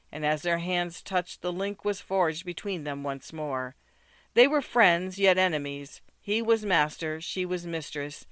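A man reads a literary story with measured, rhythmic phrasing, his smooth, resonant voice sitting slightly high. The sound is close and dry, with no room around it. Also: fairly bright tone, no echo. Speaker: narrator. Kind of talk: scripted narration of a literary story.

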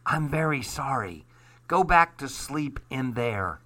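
A man's voice: medium pitch, very animated, measured pace, bright, forceful tone. A man reading a storybook aloud, voicing a proud, stubborn male goose who huffs and argues. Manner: stubborn, huffy, self-important.

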